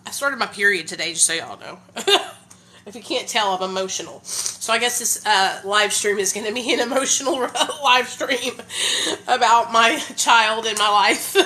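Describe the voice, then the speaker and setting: A woman chats to her viewers in a casual phone live stream. Her voice is bright and forceful, and she talks in an excited, hyped way. She fills her speech with "like" and "y'all". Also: a little high, moderate pace. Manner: hyped, energetic talker; heavy use of "like" and "y'all".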